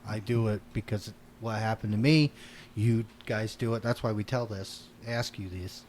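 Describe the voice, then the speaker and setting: A man from New York hosting a podcast, telling stories in an animated way and swearing casually. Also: lowish voice, moderate pace, a little hiss or hum. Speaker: podcast host.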